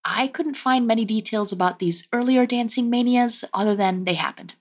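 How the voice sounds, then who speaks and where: A woman's voice: fairly high pitch, moderate pace. A woman hosting a casual history podcast, telling the story with wry, joking asides. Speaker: podcast host.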